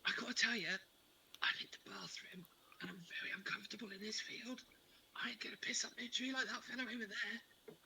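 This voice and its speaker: A man voicing a doting, theatrical middle-aged noblewoman in improvised tabletop role-play, in a camp falsetto with whispered asides. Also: very animated, moderate pace, bright, forceful tone, slight background noise, heavily acted, poor audio. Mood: whispering.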